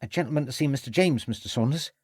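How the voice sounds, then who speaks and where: A man voicing a polite, deferential young housemaid speaking quickly. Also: mid-range voice, a little mellow, breathy edge, no echo, clean studio sound, voice pushed up, close to an everyday voice.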